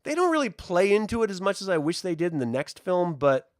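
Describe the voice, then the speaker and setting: A man talks through a film review in a casual, joking way, his voice sitting a bit high and moving up and down a lot. The sound is dry and close, with no room echo. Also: fast talker. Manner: animated, joking, chatty. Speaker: host.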